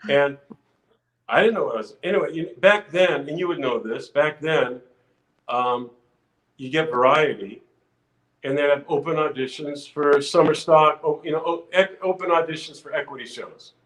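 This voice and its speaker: An older man, a podcast guest, telling a lively anecdote in casual chat, full of restarts and acted-out quotes. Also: a little high, normal speed, roomy sound, rough recording. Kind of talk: casual storytelling.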